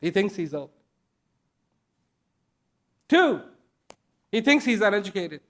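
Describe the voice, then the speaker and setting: A man giving a speech to an audience, slow and deliberate, pausing between short phrases and repeating key words for emphasis. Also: high-pitched, sing-song, fairly bright tone. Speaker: invited speaker. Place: event at a large international venue.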